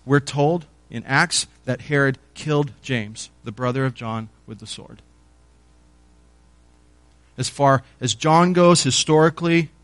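A man's voice: medium pitch, no room sound. A man preaching a sermon in an earnest teaching tone, rising in force when stirred.

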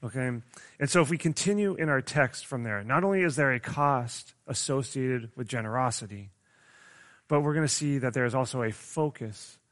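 A young man delivering a sermon in an easygoing, chatty manner. His voice sits at an ordinary middle pitch. He keeps checking in with the congregation and fills his talk with "like". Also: normal speed, a bit bright. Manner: conversational, often asks the audience questions; restarts and stumbles often, says "like" a lot. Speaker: preacher.

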